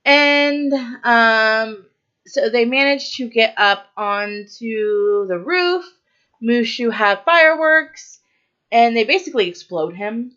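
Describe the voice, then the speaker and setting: A woman's voice: fairly high pitch, expressive, slow pace, sharp tone, smooth, highs cut off. A woman co-hosting a podcast, casually retelling a movie's plot with lots of fillers and quoted lines. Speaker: podcast co-host.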